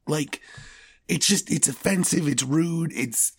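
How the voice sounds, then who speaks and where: A man's voice: on the high side, takes it slowly, husky. A man hosting a solo podcast, ranting with passion and stammering into restarts when he gets worked up. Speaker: podcast host. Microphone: studio podcast mic.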